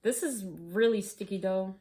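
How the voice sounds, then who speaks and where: A woman's voice: medium pitch, measured pace, dark tone. A woman hosting a casual comedic cooking chat at home, joking and playfully mock-dramatic. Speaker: host.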